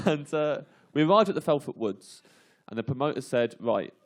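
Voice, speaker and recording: A man's voice: fairly high pitch, animated, normal speed, a little hiss or hum. A male comedian telling a comic anecdote on a radio panel, laughing often and filling gaps with ums. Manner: laughs through the story, with lots of fillers. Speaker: comedian guest.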